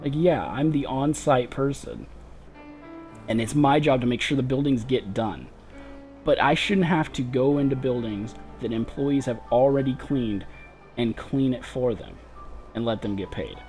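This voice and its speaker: A man's voice: medium pitch, unhurried, a little mellow, soft background music. Frustrated man ranting casually on stream. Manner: profane, frustrated, laughs through his story. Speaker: gaming livestreamer. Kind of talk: casual storytelling rant.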